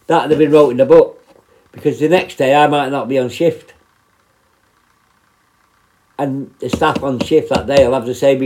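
A man's voice: fairly high pitch, mellow, rough recording. A man, a former prison officer hosting a podcast, telling work stories in a blunt, sweary, rambling way. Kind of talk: casual storytelling monologue.

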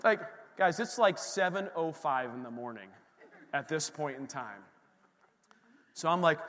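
Animated high-voiced pastor preaching. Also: male voice, a little slow, long pauses, in a large hall. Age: middle-aged. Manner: animated storytelling, acts out his own reactions. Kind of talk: sermon.

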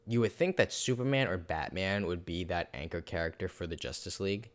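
Man, very deep voice, rambling podcast talk, casual swearing. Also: a little fast. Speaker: podcast co-host. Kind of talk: casual chat.

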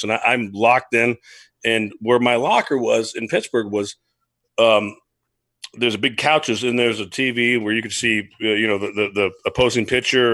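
Enthusiastic former ballplayer in casual chat. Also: male voice, mid-range voice, a bit bright, no room sound. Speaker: former pro baseball player.

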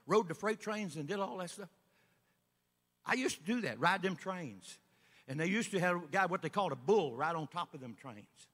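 A man preaching a sermon as an evangelist, folksy storytelling that builds up to shouting. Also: high-pitched, animated, normal speed, slightly rough, big-room sound. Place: church sanctuary.

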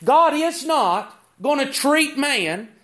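A man's voice: extremely high pitch, expressive, takes it slowly, a bit bright. A man preaching a sermon, asking rhetorical questions and reading scripture.

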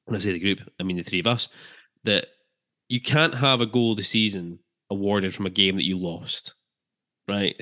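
A man's voice: fairly low pitch, normal speed, bright, forceful tone. A man co-hosting a football podcast, chatting casually and jokily with filler ums. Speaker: podcast co-host.

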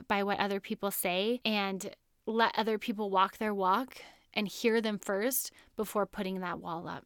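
A woman's voice: fairly high pitch, clean tone, dry recording, clean studio sound. Earnest chatty woman podcast host. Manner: earnest, chatty, laughs often. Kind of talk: personal story on a podcast.

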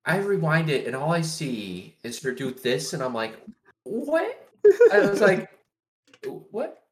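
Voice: mid-range voice, expressive, moderate pace. A co-host telling a laughing, sarcastic story in casual chat about a bad movie. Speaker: podcast co-host.

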